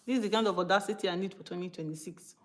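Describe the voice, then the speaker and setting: A Nigerian woman from Benin City preaching informally to her live-stream viewers, emphatic and animated, slipping into pidgin and speaking straight to her audience. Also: on the low side, racing. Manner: emphatic and animated, switching between English and pidgin, asides to the viewers. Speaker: live-stream host teaching from the Bible.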